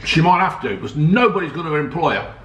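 A man's voice: on the high side, animated, fast, a bit bright, recorded from a distance, dull audio. Chatty man reviewing food. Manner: chatty, swears casually, joking. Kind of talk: casual food review chat. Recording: roomy sound from off the mic, faint noise.

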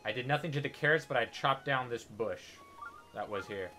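A man's voice: medium pitch, brisk, bright, forceful tone, a little hiss or hum. A young man giving casual, joking commentary over his game playthrough, sarcastic and profane. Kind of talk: casual let's-play commentary.

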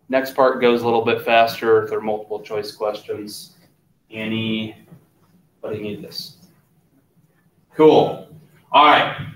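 A man teaching a chemistry class in a relaxed lecture style, often stopping to ask if there are questions. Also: medium pitch, recorded from a distance. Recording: roomy classroom, voice from off-mic.

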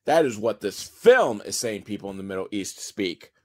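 A man's voice: on the low side, lively intonation, moderate pace, a little mellow. Sarcastic, rambling male movie reviewer. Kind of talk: casual comedic movie recap.

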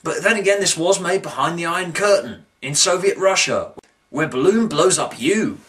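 A man's voice: a little high, expressive, moderate pace, a bit bright, recorded from a distance. A man giving a comic video review in a mock-dramatic way, breaking into exaggerated outbursts. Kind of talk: comic commentary.

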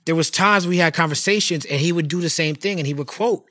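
A man hosting a podcast, asking measured questions in a casual interview, with many short affirmations. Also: fairly high pitch, pushed and bright, dry recording, clean studio sound. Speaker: podcast host.

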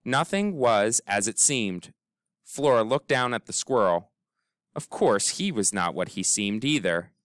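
A man reading a children's story aloud in an expressive, animated way, giving the characters voices. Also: fairly low pitch, unhurried, no room sound, studio quality. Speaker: audiobook narrator.

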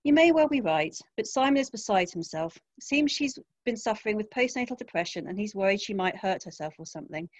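A woman's voice: mid-range voice, lively intonation, fast talker, hardly any pauses, no echo, lightly acted. A woman reading a snappy, image-conscious boyfriend. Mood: low, firm. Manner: curt, snappy. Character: impatient young adult male partner, image-conscious.

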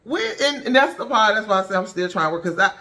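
A woman's voice: mid-range voice, expressive, rapid-fire, bright, forceful tone. A woman vlogger giving a fired-up, blunt monologue full of rhetorical questions and slangy asides. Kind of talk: impassioned casual commentary monologue.

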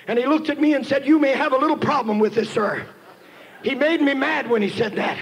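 A man preaching a sermon, telling a story and building to shouted emphasis as he calls on the congregation. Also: very high-pitched, fast, rough recording. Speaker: pastor. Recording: 1990s church sermon tape with faint hiss.

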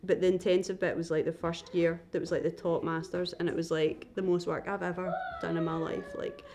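A young woman with a Scottish accent, chatting as a guest, a lively storyteller who laughs often and acts out other people's voices. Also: lowish voice, brisk, background noise. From Scotland. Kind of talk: casual chat.

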